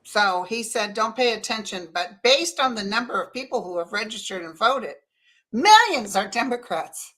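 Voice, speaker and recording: A woman guest with a bright, sharp-edged voice, chatting casually. She talks plainly and keeps her interjections short and quick. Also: a little high, expressive. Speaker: guest, psychic tarot reader. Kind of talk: casual chat.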